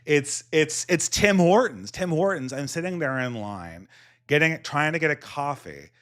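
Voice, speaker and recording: A man's voice: fairly high pitch, animated, unhurried, a bit bright. A man with a Californian accent and a slight lisp, telling rambling stories with many restarts as a podcast host. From United States. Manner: rambling storytelling with many restarts and frequent laughs. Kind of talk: casual chat.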